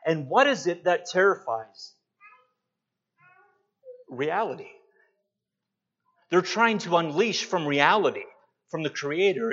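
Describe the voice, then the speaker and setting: A man preaching a sermon, slow and emphatic, pausing to stress his points. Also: fairly high pitch, fairly bright tone. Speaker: pastor. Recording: dull lo-fi sound.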